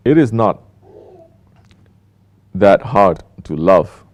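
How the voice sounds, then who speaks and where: A man's voice: low voice, lively intonation, extremely slow, a little mellow, muffled recording. A man teaching a spiritual talk as a Sufi teacher, emphatic and full of rhetorical questions. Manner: rhetorical questions, emphatic, mocking quoted apologies. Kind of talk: sermon.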